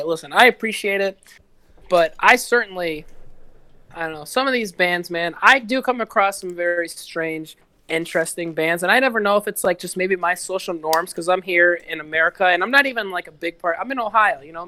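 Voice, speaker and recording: A man's voice: sits high, brisk, bright, forceful tone. Rambling, foul-mouthed guest man. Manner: rambling, profane, heavy use of "like". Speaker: guest musician. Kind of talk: casual podcast chat.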